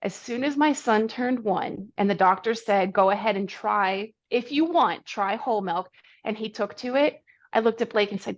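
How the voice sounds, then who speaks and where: Lively woman telling her story, lo-fi audio. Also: mid-range voice, normal speed. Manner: animated, self-deprecating, acts out quoted people. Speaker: podcast guest, runner. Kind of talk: candid conversational storytelling.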